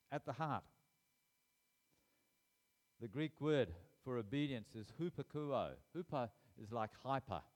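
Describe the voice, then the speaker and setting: A man preaching a sermon, reading scripture aloud and stressing key phrases with repetition and sudden rises in voice. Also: medium pitch. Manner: emphatic, repeats key phrases, rises sharply for emphasis.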